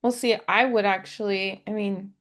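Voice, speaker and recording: A woman's voice: mid-range voice, steady tone, moderate pace, a bit bright. A young woman co-hosting a casual movie chat, bubbly and full of fillers. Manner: bubbly, lots of fillers and laughs. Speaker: co-host.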